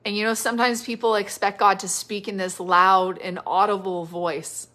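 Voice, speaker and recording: A woman ministers prophetically off the cuff during a live stream, her mid-range voice holding a level tone through the device mic. She speaks gently and with hesitation, restating her phrases and dropping in "like" and "you know" whenever she pauses.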